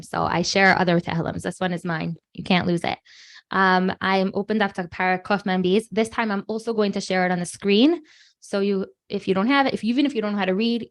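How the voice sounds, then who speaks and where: A woman hosting an online prayer gathering for children, talking casually and chattily with many fillers. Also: mid-range voice. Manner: chatty, rambling with fillers and restarts. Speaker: host of a kids' online prayer session. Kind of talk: casual, emotional live talk to children.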